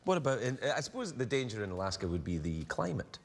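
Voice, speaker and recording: A man's voice: on the low side, very animated, quick pace, creaky, faint music behind. A man with a Scottish accent hosting a talk show, playful and teasing, often restarting his sentences. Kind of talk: casual chat. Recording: reverberant studio hall.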